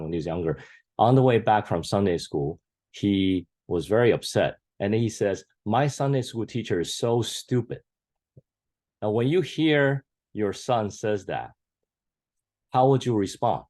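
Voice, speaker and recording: A man's voice: deep voice, dark tone. A middle-aged man, a senior pastor, telling an anecdote as a lesson, with frequent stammered restarts. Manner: earnest storytelling with stammered restarts. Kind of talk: teaching anecdote in panel talk.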